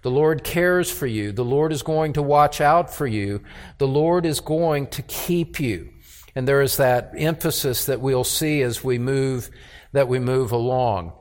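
A male pastor preaching an expository sermon to his congregation, slow and deliberate, repeating key words for emphasis. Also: fairly high pitch. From United States. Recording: long reverb of a church hall.

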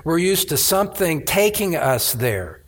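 A man's voice: fairly high pitch, very animated, a little slow. A man preaching a sermon as pastor, emphatic, often restarting phrases, addressing a church congregation.

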